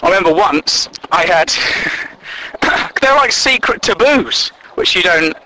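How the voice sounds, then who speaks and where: A man's voice: sits high, animated, measured pace, bright, forceful tone, slight background noise, poor audio. A man doing a stand-up comedy routine, sweary and incredulous, acting out both sides of imagined conversations.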